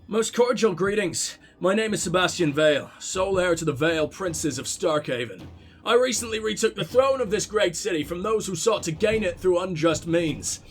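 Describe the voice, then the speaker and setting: A man's voice: sits high, lively intonation, moderate pace, a little hiss or hum, voice pushed down. A man voicing a formal, devout young male prince with a put-on Irish accent, reading a letter in a stately, ceremonious way. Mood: solemn.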